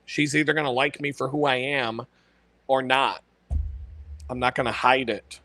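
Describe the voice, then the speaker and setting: Brash, swearing man with a bright voice. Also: mid-range voice, steady tone, moderate pace, no echo. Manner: swears constantly, laughs at his own punchlines, blunt and brash. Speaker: podcast host. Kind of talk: casual profane storytelling monologue.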